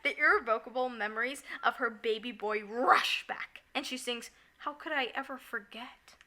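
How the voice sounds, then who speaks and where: A woman co-hosting a podcast in casual chat, recapping a musical with lots of giggling and quick acted-out lines. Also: a little high. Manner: giggly, animated, acts out characters in quick asides. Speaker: podcast co-host.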